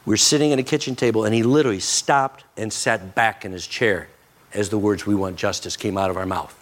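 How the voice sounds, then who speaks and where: A middle-aged man preaches a sermon with earnest conviction. He often drops his voice low and slows down to press a point home. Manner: earnest preaching that drops soft and slow for emphasis. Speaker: pastor.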